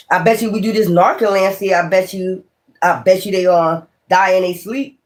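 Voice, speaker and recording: Man, tarot reader, high-pitched, swears freely, exclaims and rambles. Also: brisk. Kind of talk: casual tarot reading.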